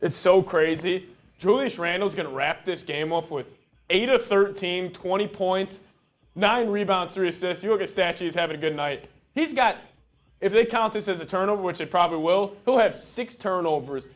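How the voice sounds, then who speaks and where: A man's voice: high-pitched, normal speed. A man co-hosting a fan game stream, giving blunt, exasperated color commentary with casual slang.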